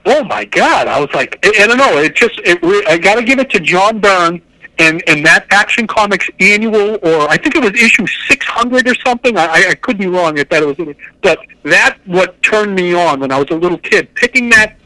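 High-voiced, bright, eager man. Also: animated, fairly quick, no room sound, low-quality recording. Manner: enthusiastic, rambling, self-correcting. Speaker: podcast co-host. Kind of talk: casual chat about comics.

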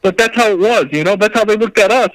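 A man in casual chat, lively and quick to laugh. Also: high-pitched, dry recording, low-quality recording.

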